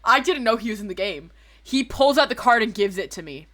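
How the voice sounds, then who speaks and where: A woman's voice: a little high, animated, a little fast, fairly bright tone. A woman streamer chatting casually to her viewers, telling a rambling story, swearing freely and correcting herself as she goes.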